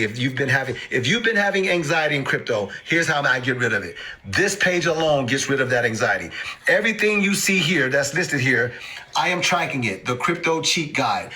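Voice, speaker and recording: A man talking casually and emphatically as he explains investing, mimicking panicked investors in sudden high outbursts. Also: pushed and bright, poor audio. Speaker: crypto investing host. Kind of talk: animated instructional talk to camera.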